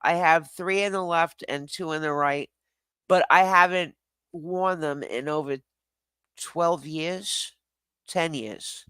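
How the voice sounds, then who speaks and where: Man host, unhurried and profane, self-mocking livestream chatter, dry close sound. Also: on the high side, bright, forceful tone, smooth, dry recording. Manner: rambling, profane, self-deprecating, laughs often. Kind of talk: casual livestream chat.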